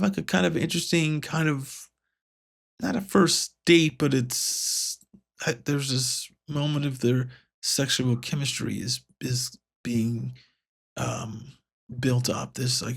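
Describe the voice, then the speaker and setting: A gravelly, medium-pitched voice belongs to a comics podcast host casually reviewing a comic. He rambles, restarts and fills gaps a lot, and paraphrases the dialogue in a lightly raised voice.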